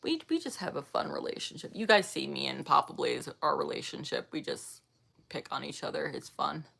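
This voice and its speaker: A woman's voice: low-pitched, expressive, fairly quick, creaky, a bit bright, husky. A woman in her thirties chatting casually with her viewers, rambling and laughing often. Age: 30s. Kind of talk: casual chat reading viewer comments.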